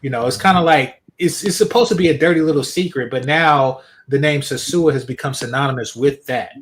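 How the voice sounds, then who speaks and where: A man's voice: mid-range voice, brisk, a bit bright, poor audio. A man joining a livestream as a guest, explaining his opinion earnestly with many "um"s. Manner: earnest, explains with fillers and restarts. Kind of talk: casual livestream chat.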